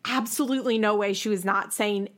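A woman's voice: medium pitch, fairly even intonation, fairly quick, fairly bright tone. A young woman co-hosting a casual chat, telling a story and acting out quotes in exaggerated voices. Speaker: podcast co-host.

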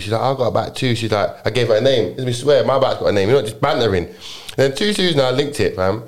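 A man's voice: mid-range voice, fast talker. A young man with a London accent tells a story in loose, casual chat. He leans on slang and keeps restarting his sentences. The delivery is rambling and unpolished.

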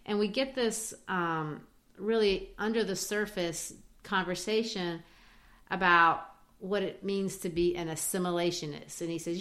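Animated woman retelling a play. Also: on the low side, measured pace. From Brazil. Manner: animated storytelling, quoting characters. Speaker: guest discussing a play. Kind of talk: conversational literature discussion.

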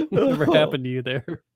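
A man co-hosting a casual podcast, speaking in a halting, measured way and often repeating words as he starts. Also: a little high, husky, no room sound, studio quality. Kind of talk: casual chat, reading aloud from a book.

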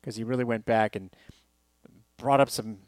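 A man's voice: medium pitch, steady tone, moderate pace, dry recording. A man hosting a sports talk podcast, rambling through baseball memories with fillers and restarts. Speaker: sports radio host.

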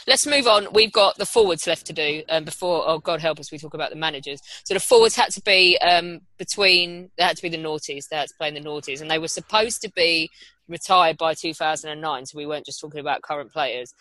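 A woman hosting a casual podcast chat, teasing her guests and moving things along briskly. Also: low-pitched, bright, forceful tone, dry recording, poor audio. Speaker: podcast host.

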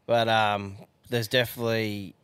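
A blunt Australian man co-hosting a casual chat, swearing as he goes. His voice is bright and forceful, recorded dry and close. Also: on the low side, flat delivery, normal speed, smooth, dry recording. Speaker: podcast co-host.

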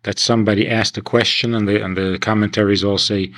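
A man with a lowish voice teaches a winter camp class briskly, barely pausing as he lectures conversationally. Animated, he poses rhetorical questions and acts out the people he quotes, heard in a dry, low-quality recording.

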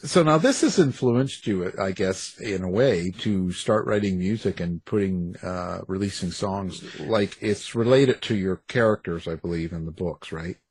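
A man's voice: sits low, measured pace, few pauses, a little mellow, slightly rough, dry recording. A man hosting a casual interview, teasing and joking with his guest. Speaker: podcast host.

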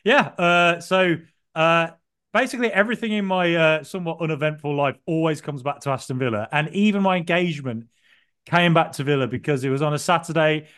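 Male podcast co-host, somewhat high, smooth clear voice; rambling, self-deprecating storyteller full of ums and uhs. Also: a little fast, a bit bright. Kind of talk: casual podcast chat.

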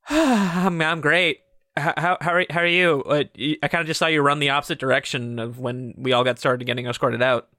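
A man's voice: a little high, steady tone, brisk, sharp tone, no room sound, studio quality. A man voicing a stammering, flustered young woman. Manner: nervous, stammering, self-conscious. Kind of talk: improvised tabletop role-play.

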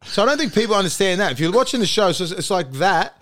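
A man's voice: sits high, fast. A man with an Australian accent, a podcast host, telling a story over casual chat in a studio, swearing and laughing as he goes. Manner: laughing, profane, animated storyteller. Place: recording studio.

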